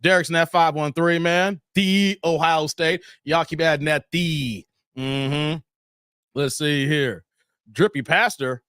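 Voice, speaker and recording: A man's voice: on the high side, fairly even intonation, slow pace, fairly bright tone, smooth, no room sound, studio quality. Laid-back man hosting a stream. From Chicago area. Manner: laid-back, playful, trash-talking banter. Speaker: live stream host. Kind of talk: casual live stream chat reading comments.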